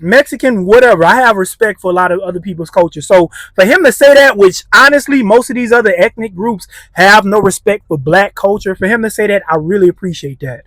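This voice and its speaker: Man, commentary host, blunt heated slang, high-ish voice, dry room. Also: fairly quick, hardly any pauses, fairly bright tone, no echo. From United States. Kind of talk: reaction commentary.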